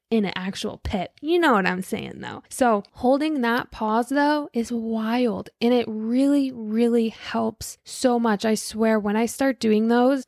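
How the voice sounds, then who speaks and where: A young woman in her office, giving casual fitness advice in an animated, chatty way, full of "like" and "dude". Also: a little high, dry recording, clean studio sound. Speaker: fitness creator.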